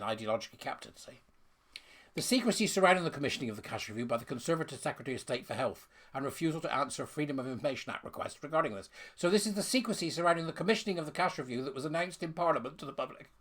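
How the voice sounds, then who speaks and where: A man's voice: a little high, sharp tone. A man giving scornful, sarcastic ranting commentary while reading out a letter.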